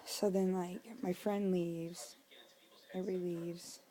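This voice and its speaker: A woman's voice: on the low side, little pitch movement, a little slow, dark tone, poor audio. A young woman venting in a casual vlog, drunk, swearing a lot and dropping to a whisper now and then, recorded indoors at home. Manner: venting, profane, drops to a whisper. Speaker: vlogger.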